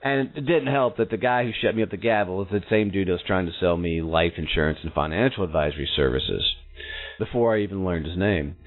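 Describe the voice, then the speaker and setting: A deep-voiced podcast host speaks briskly, telling a personal story in a monologue that's blunt, salty, and self-mocking. The sound is narrow, like a phone line.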